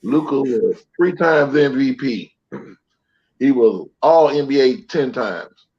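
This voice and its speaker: A man in the middle of a casual sports debate, blunt and quick to joke, his points spilling out in long run-on stretches. The audio is dull and lo-fi. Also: mid-range voice, expressive, a little mellow. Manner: blunt, joking, talks in long run-on takes. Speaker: sports show co-host.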